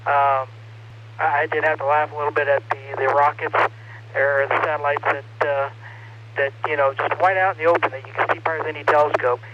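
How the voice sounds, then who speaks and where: A man on an amateur radio net, chatting casually in a relaxed, hesitant way with many fillers. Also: a little high, fairly quick. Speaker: ham radio net participant. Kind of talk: casual on-air chat over radio. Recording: muffled radio audio with loud static.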